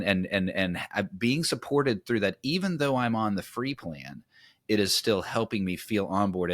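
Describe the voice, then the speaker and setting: A man hosting a podcast interview, talking with lively enthusiasm and often restarting his sentences. His voice sits a little low. It is recorded close and dry, with no room sound. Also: no room sound. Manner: enthusiastic, repeats words when starting sentences. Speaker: podcast host. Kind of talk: casual interview chat.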